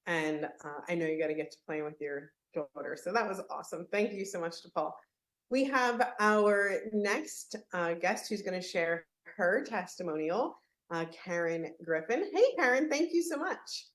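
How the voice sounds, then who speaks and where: Woman host on a video call, upbeat, gushing, lowish voice. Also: normal speed. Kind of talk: hosting a live online call.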